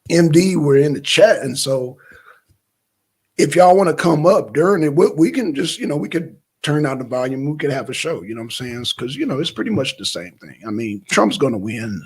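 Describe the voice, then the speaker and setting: Guy rambling on his livestream, husky voice, talks loose and easy. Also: on the high side, expressive, brisk. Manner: rambling, loose and talkative, shouting out viewers in chat. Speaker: livestream host. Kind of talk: casual livestream chat. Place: Atlanta, Georgia.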